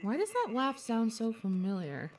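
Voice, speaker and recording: A woman voicing a calm, matter-of-fact mare who is a writer. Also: on the high side, normal speed, long reverb tail, distant mic.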